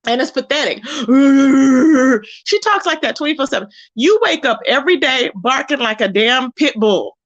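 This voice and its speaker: A woman's voice: high voice, a bit bright, dull audio. A woman hosting a casual livestream, reading chat aloud and roasting a rival in a sassy way, calling viewers baby and boo. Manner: drawls endearments like baby and boo. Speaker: livestream host.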